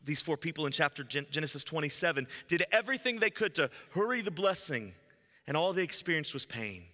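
A man preaching a sermon as pastor, telling a story and moving between loud emphasis and hushed, low lines. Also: very animated, fairly quick. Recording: long hall reverb.

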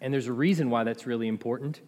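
Impassioned preacher in a reverberant church. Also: male voice, medium pitch, fast talker. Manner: impassioned, swings between loud and quiet. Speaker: pastor. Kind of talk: sermon. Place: church sanctuary. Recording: long hall reverb.

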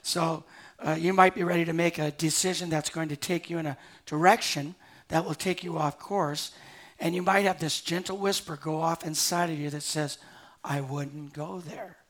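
An older man, a pastor delivering a sermon to a live congregation, moving between quiet, slowed passages and loud, urgent appeals. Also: fairly high pitch, fairly even intonation. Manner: swings from hushed to loud and urgent.

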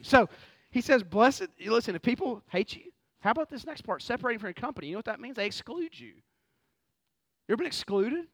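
A man preaching a lively, conversational sermon full of rhetorical questions. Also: extremely high pitch, a little fast, no room sound. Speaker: pastor.

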